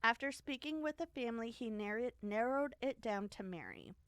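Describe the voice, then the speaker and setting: A podcast host, a woman, tells a story in a loose, rambling style with plenty of fillers and little giggles. Her voice sits fairly high. The close mic sounds dry, with no room echo. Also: lively intonation, normal speed, clear, resonant tone. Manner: rambling, many fillers and acted quotes, giggly. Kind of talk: casual storytelling chat.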